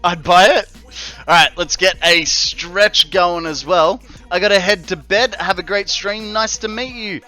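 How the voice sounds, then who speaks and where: Australian accent, male, game streamer, jokey and chatty, slightly high voice, crisp bright tone. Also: a little slow, soft background music. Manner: jokey, chatty, many fillers. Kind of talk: casual live-stream chat.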